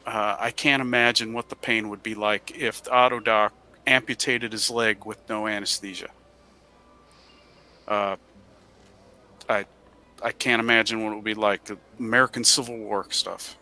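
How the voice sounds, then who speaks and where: A man's voice: on the low side, steady tone, moderate pace, pauses often, sharp tone. A man playing a tabletop game, earnestly reasoning through his character's plans. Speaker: player.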